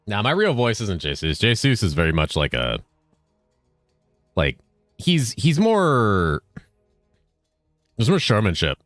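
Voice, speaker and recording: A man with a low voice chats casually as a streamer while playing, his delivery dry and mostly flat, though his pitch swings widely when he gets going. The sound is close and dry, with faint music underneath. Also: slow, long pauses, no echo. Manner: fairly monotone, dry banter. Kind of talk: casual chat while gaming.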